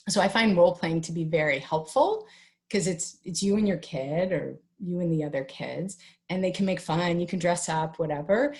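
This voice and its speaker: A middle-aged woman with a fairly low voice speaks as an interview guest. She talks in an animated, chatty way and acts out little family dialogues as she explains. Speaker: guest expert on teen mental health. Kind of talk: conversational interview advice.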